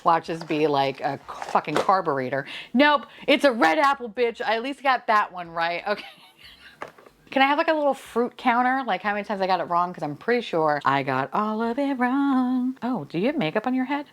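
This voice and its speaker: A woman's voice: mid-range voice, animated, moderate pace. A woman chatting playfully as she unboxes toys on camera, swearing, laughing and dropping to whispers. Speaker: vlogger unboxing blind boxes. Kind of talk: casual unboxing chat.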